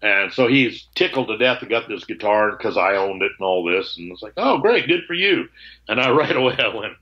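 A man's voice: on the low side, fairly quick, lo-fi sound. A man, a guitarist, telling candid stories on a call. He acts out both sides of old conversations and swears freely. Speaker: guitarist guest.

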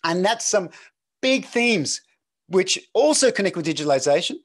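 Lively Australian man with a high voice. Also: normal speed. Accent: Australian, slightly mixed. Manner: lively, jokey, chatty, reads chat aloud. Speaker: professor giving a webinar. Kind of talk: interactive online lecture.

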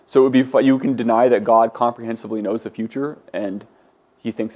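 A man's voice: fairly low pitch, fairly even intonation, quick pace, warm tone. A man teaching a Greek class, lecturing in a conversational way with many fillers and restarts. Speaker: Greek instructor.

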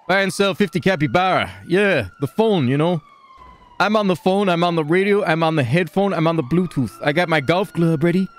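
Guy doing a squeaky high hustler dude, stoned gambler, rambles on and on with buy-and-sell catchphrases. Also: close to an everyday voice. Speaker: role-player. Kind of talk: improvised game role-play.

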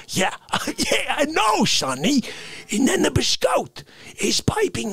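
A man's voice: sits high, huge pitch swings, slow pace, vocal fry, fairly bright tone, breathy edge, no echo. A man doing an unscripted comedic rant. He rambles in mock outrage and laughs between lines. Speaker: live-stream comedian.

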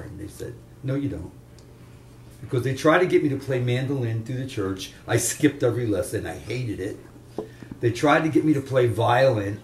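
A man's voice: medium pitch, a little mellow, slight background noise. An older man from the Chester, Pennsylvania area, telling rambling anecdotes as a veteran guitarist in a casual interview. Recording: roomy room, distant mic, faint ambience.

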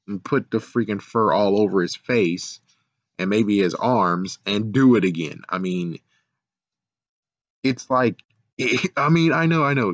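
A man with a fairly low voice rambles through a casual recap and review of a show, sarcastic and exasperated, swearing now and then. The audio is dull and lo-fi, dry and close with no room sound or echo.

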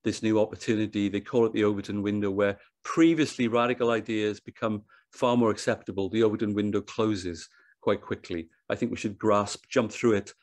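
A man speaking at a conference with a fairly low voice, working through his slides. He thinks aloud, restarts phrases and repeats words as he goes. The sound is dry and close, with almost no room echo. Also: flat delivery, fairly quick. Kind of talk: presentation talk. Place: online event.

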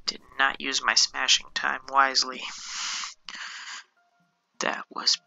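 A woman's voice: very deep voice, monotone, slow pace, vocal fry, bright, forceful tone, no echo, soft background music, rough recording. A woman giving casual gameplay commentary, swearing often, exasperated and laughing at herself. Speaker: gameplay streamer.

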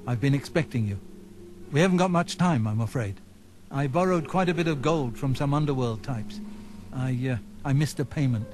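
A man's voice: mid-range voice, moderate pace, a little mellow, faint music behind, lightly acted. An actor playing a nervous, fussy male nobleman in a video game, flustered and apologetic, with an overdone foreign lilt.

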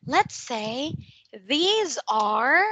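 A woman tutoring English online over a video call, patiently correcting pronunciation and drilling words with slow repetitions. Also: sits high, very animated, a bit bright, dull audio, a little hiss or hum. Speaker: English teacher.

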